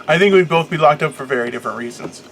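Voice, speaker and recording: A man's voice: fairly high pitch, very fast, background noise. A young man co-hosting a casual podcast, joking, teasing his co-host and rambling through offbeat theories.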